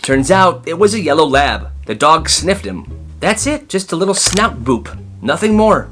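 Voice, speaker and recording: A young man narrating storytime clips in a chatty, animated way, with quick asides to the listener. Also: on the high side, music in the background. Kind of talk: storytime narration for short videos.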